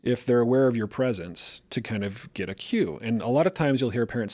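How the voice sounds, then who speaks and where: A middle-aged man co-hosting a casual podcast conversation, telling lively everyday stories and illustrating them as he goes. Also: mid-range voice, fairly quick, no room sound. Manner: lively storyteller, acts out parent voices. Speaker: podcast co-host.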